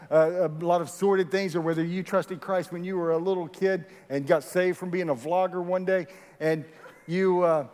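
High-voiced pastor, echoing hall. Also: male voice. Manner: animated, rallying congregation. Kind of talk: sermon. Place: large church hall. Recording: echoey hall with long reverb.

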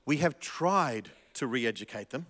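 A man preaching a sermon as pastor, animated, with frequent restarts and emphatic repetition. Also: mid-range voice, unhurried, in a large hall, slight background noise.

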